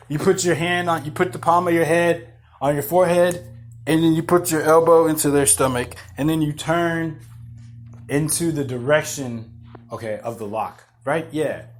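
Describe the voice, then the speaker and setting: A man hosting a podcast, rambling in excitable, profane casual chat full of restarts. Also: a little high. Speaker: podcast host. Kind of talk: casual chat about MMA fights.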